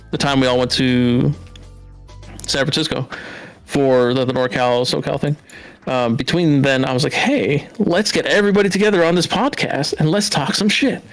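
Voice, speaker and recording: Man, from Southern California, podcast guest, casual animated storytelling, swears a lot, raised voice for quotes, faint music behind. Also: mid-range voice, smooth.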